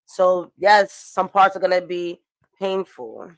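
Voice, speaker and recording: A young woman with a lowish, expressive voice speaks slowly while doing a loose, casual tarot and astrology reading. She's chatty, cusses a lot and throws in laughing asides, recorded dry on a close mic.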